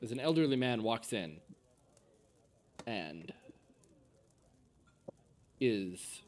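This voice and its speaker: A man narrating as game master of a tabletop game, halting, with many fillers and restarts. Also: fairly low pitch, sing-song, slight background noise.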